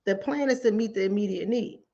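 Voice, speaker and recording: A woman with a medium-pitched, dark voice and some vocal fry talks a little fast as she hosts a mental health talk show. She's emphatic and casual, repeating phrases to hammer home her points and acting out both callers and her own responses in conversational commentary. The lo-fi recording sounds dull.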